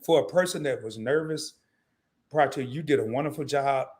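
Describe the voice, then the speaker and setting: A hoarse man hosting a live interview stream, joking around in a loud, slangy, animated way. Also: medium pitch, normal speed. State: hoarse from laryngitis. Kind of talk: casual live-stream chat.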